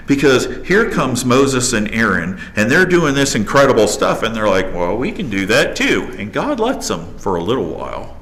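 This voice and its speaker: Man, pastor preaching, animated, acts out quotes, church. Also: mid-range voice. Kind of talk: sermon. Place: church sanctuary.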